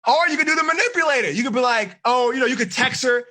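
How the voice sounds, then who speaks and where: Lively coach guy quizzing a teen crowd, bright and a bit breathy. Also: very high voice, fast. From United States. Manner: energetic, asks the audience questions. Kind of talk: live seminar for teenagers.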